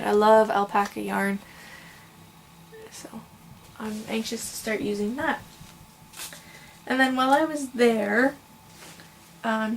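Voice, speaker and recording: A young woman with a slightly high voice talks casually at home, gushing and rambling as she shows off her yarn. She sounds tired and is fighting the hiccups. A faint hum of room noise sits behind her. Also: vocal fry. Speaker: crochet vlogger. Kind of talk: casual show-and-tell vlog.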